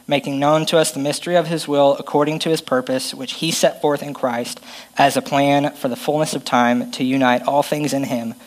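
A man's voice: a little high, low-quality recording. A man preaching a conversational, self-deprecating sermon and reading Bible passages aloud.

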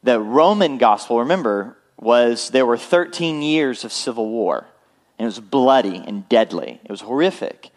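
A man's voice: mid-range voice, lively intonation, moderate pace. Male pastor, conversational sermon delivery, frequent check-ins with the congregation. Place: church.

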